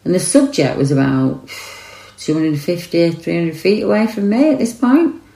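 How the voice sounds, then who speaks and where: A woman voicing a shaken eyewitness who retells a forest encounter in the first person, earnest and rushed. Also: lowish voice, expressive, creaky, mellow, roomy sound, voice pushed up, low-quality recording.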